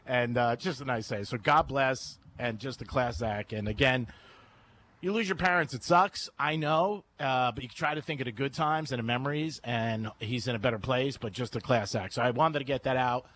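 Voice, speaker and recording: A man's voice: mid-range voice, moderate pace, a bit bright, a little hiss or hum. A man hosting a live radio show from a cigar lounge, rambling through stories and laughing often. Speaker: radio host. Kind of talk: casual radio chat.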